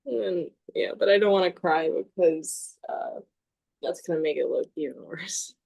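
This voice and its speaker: A woman chatting on a podcast, hesitant and rambling with many pauses and fillers. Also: deep voice, vocal fry, mellow, no room sound, rough recording. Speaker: podcast guest. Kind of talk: casual podcast chat.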